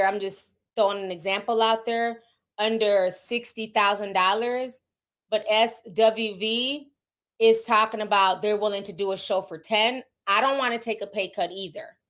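A woman with a Southern US accent talks casually to her livestream audience. Her voice sits a little high, and she speaks in a frank, chatty way while reacting to chat comments. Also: fairly bright tone. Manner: chatty, candid, laughs often, reacts to viewer comments. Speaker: livestream host reading chat. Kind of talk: casual celebrity gossip chat.

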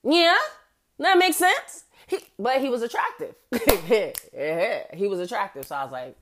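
A woman, hosting a podcast and telling a personal story in a casual, profane, animated way, acting out the voices of the people in it. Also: on the high side, measured pace. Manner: animated, acts out quotes, profane slang, laughs often. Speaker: podcast host.

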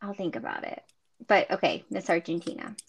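A woman co-hosting a podcast in casual chat, relaxed and agreeable. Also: lowish voice, fairly quick, vocal fry, husky. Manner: relaxed, agreeable, rule-following. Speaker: podcast co-host.

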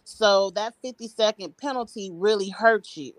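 A woman's voice: mid-range voice, moderate pace, dry recording. A woman hosting a casual recap chat over a video call, opinionated and blunt. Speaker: host.

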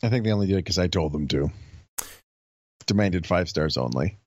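A man's voice: sits low, animated, a little fast, a little mellow, dry recording, muffled recording. Dry-humored man on a podcast, close and dry. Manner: dry, sardonic quips. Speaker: podcast co-host. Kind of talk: casual sports chat.

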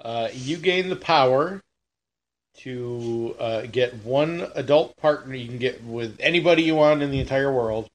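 A man's voice: medium pitch, unhurried. A man hosting a casual chat, reading out questions in a plain, dry way. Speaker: podcast host asking questions.

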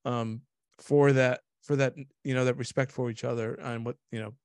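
A man in casual conversation about a film, excited, laughing often and trailing off mid-sentence. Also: mid-range voice, moderate pace, no echo, studio quality. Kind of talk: casual movie review chat.

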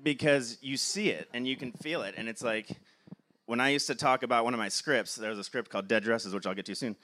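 A film producer from Cleveland, USA, gives an enthusiastic motivational talk, peppering his sentences with "like". His voice is medium-pitched, bright and forceful, and he speaks fairly quickly.

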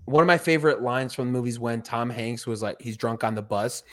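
A man hosting a sports podcast, talking in an easygoing, offhand way with drawn-out fillers. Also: mid-range voice, steady tone. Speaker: podcast host. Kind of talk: casual chat.

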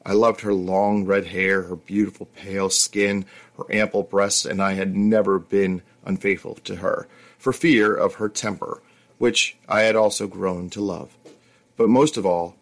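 A man narrating a first-person story in a slow, intimate way, with occasional stumbles. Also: deep voice, little pitch movement.

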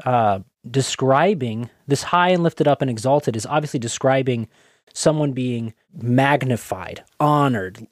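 A man with a mid-range voice answers thoughtfully and pauses often on ums and uhs. He quotes scripture as he talks. The recording is close and dry. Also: mid-range voice, darkish tone, no echo. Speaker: podcast co-host. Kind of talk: conversational theological discussion.

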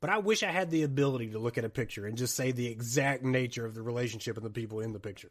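A man hosting a podcast, chatting about a horror film in a rambling, jokey, animated way. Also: mid-range voice, racing, few pauses. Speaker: podcast host. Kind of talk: casual movie chat.

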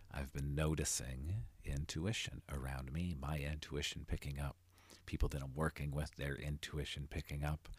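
A man hosting a motivational podcast as a life coach, talking earnestly and building to emphatic, animated delivery. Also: extremely low pitch, no echo.

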